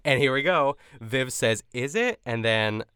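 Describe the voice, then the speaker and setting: A man's voice: medium pitch, fairly even intonation, measured pace, bright, forceful tone. A young man co-hosting a podcast, recapping an episode in casual, chatty talk full of fillers and quoted lines. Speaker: podcast co-host.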